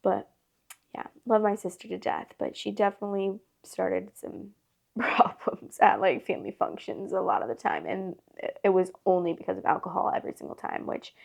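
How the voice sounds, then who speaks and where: Gravelly-voiced woman rambling through a story. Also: mid-range voice, a little mellow. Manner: rambling, filler-heavy with constant "like". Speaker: storytime host. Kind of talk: casual storytime chat.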